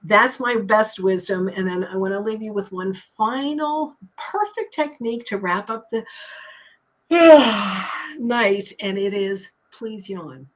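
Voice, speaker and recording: A woman's voice: mid-range voice, lively intonation, unhurried, few pauses, a bit bright, rough recording. A woman talking as a hypnotist and stress coach on a talk show, upbeat and emphatic, explaining things like a teacher. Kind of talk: casual talk show chat.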